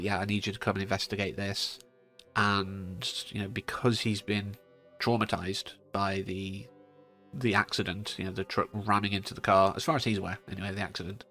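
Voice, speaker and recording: A man's voice: fairly low pitch, fairly bright tone. A man giving a casual, digressive spoken film review, talking chattily and often trailing into asides. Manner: chatty, digressive, frequent fillers. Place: home studio in front of a green screen.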